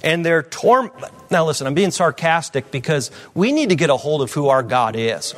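A man preaching a sermon as pastor, reading scripture aloud and commenting with frequent fillers, swinging from low asides to loud declarations. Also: normal speed.

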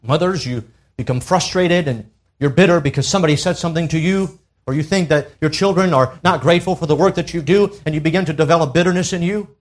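A man's voice: on the high side, fast talker. A man preaching a sermon to a church congregation, emphatic, pressing his listeners with rhetorical questions. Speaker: pastor. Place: church service.

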